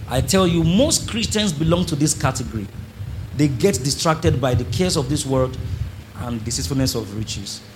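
Over slight background noise, a pastor with a medium-pitched voice preaches a sermon to his congregation at a moderate pace. He's animated throughout, acting out churchgoers and calling on the church audience to respond.

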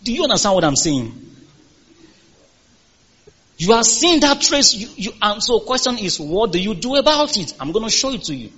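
High-voiced husky preacher delivering a sermon. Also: male voice, very animated, normal speed, pauses often, pushed and bright, dull audio. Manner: emphatic, call-and-response with congregation. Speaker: pastor.

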